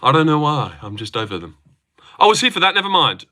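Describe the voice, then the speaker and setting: A man's voice: fairly high pitch, quick pace. A young man with an Australian accent, chatting loosely and swearing as he hosts a livestream and reads out comments. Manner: loose, excitable, swearing banter. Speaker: livestream host. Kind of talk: casual livestream chat reading comments.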